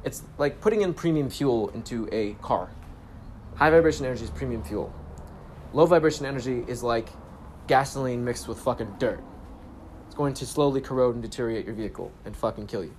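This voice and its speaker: Young male vlogger, relaxed storyteller, casual profanity, spiritual sign-offs, mid pitch. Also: fairly quick, a little hiss or hum. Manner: laid-back, swears freely, spiritual catchphrases. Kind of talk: casual self-help vlog storytelling. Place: grocery store trip, talking on the go.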